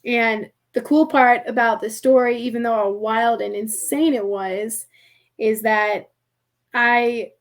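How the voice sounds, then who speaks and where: A young adult woman telling a personal story as a podcast guest, chatty and animated, filling her speech with "like" and acting out quoted voices. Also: on the high side. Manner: animated, heavy use of "like", acts out quoted voices. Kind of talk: casual storytelling.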